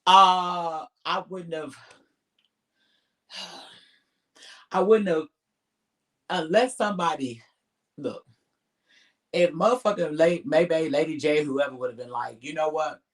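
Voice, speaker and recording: A man's voice: a little high, slow pace, long pauses, fairly bright tone. A man co-hosting a casual live stream, talking bluntly and emphatically with heavy profanity.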